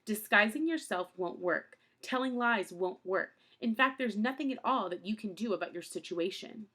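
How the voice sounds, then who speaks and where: A woman voicing a stern, fussy man who lectures firmly and shouts orders while she reads a storybook aloud. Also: mid-range voice, lively intonation, moderate pace.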